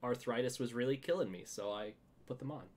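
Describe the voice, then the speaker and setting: Animated man hosting a chatty podcast. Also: medium pitch, brisk. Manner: animated, laughs a lot, restarts words, says "like" often. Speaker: podcast host. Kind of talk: casual chat.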